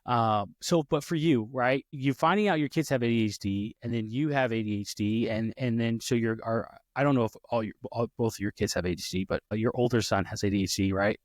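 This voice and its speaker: A man's voice: mid-range voice, a little fast, few pauses, dry recording, studio quality. A man co-hosting a podcast who tells a story in casual chat, acting out the voices of other people and stopping to restart his sentences. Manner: animated, acts out quoted voices, many restarts. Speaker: podcast co-host.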